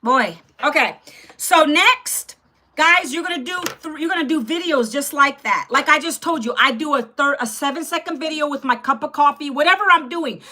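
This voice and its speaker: A woman in her fifties hosts a live stream with a high, bright voice. She talks loudly, close to yelling. She addresses viewers in the chat head-on and scolds them bluntly. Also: moderate pace. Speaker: livestream host selling an online program.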